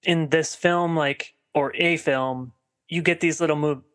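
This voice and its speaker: Rambling higher-voiced man. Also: steady tone, measured pace, fairly bright tone. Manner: rambling, heavy on filler "like" and restarts. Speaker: podcast co-host. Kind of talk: casual film discussion.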